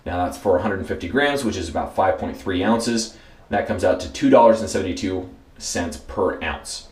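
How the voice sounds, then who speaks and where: Low-voiced man reviewing in a roomy space. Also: moderate pace, darkish tone. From United States. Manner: easygoing, repeats words for emphasis, frequent fillers. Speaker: host and product reviewer. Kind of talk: casual product review. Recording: roomy echoey room.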